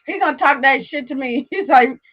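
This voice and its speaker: A woman's voice: high-pitched, brisk, dull audio. A woman hosting her own live stream, talking casually to viewers and ranting heatedly at one of them, swearing a lot and repeating herself for emphasis.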